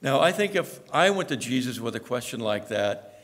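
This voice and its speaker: A man's voice: medium pitch, very animated, moderate pace, fairly bright tone, big-room sound. A male pastor preaching a sermon in a conversational storytelling manner, acting out the lines he quotes. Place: church.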